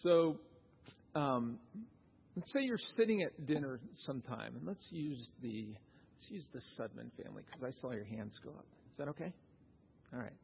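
In a dull, echoing church recording with a little hiss or hum, a pastor delivers his sermon at normal speed. His voice is medium-pitched, animated and gravelly, and he chats with the congregation, posing questions to them.

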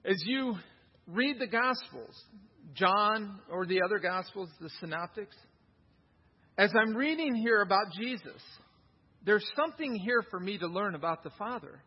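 A middle-aged man preaching a sermon to a congregation, emphatic and animated, often repeating words as he builds a point. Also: high-pitched, unhurried, breathy edge. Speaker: pastor. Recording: dull, reverberant hall recording.

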